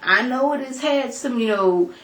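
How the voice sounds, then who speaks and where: This woman reviews a TV episode, recapping it casually and with strong opinions, chatting and storytelling with lots of asides. Her voice is a little high, animated and a bit bright, at normal speed. The room she records in is echoey.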